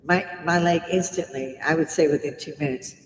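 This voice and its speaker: An American woman in her seventies tells stories casually on a live stream, laughing often. Her voice sits low and moves a little fast. The room is echoey with long reverb, and there's slight background noise.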